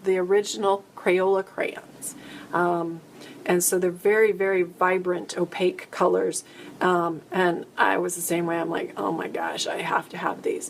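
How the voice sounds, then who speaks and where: A woman's voice: lowish voice, slight background noise. A woman hosting a casual live-stream chat, answering viewer questions in a rambling, chatty way that often breaks off mid-sentence. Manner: chatty, rambling, self-interrupting.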